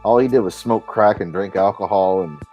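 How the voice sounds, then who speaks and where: A man hosting a live stream, talking in a rambling, profane, animated way. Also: sits low, normal speed, highs cut off, soft background music. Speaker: stream host. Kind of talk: casual chat.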